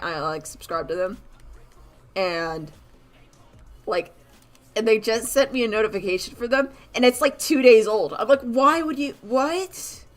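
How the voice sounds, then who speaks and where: A woman with a voice of middling pitch talks through a live drawing stream in a loose, rambling way. She is animated, laughs often and scatters "like" through her sentences. Quiet music plays underneath. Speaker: artist streamer. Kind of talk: casual chat while drawing on a live stream.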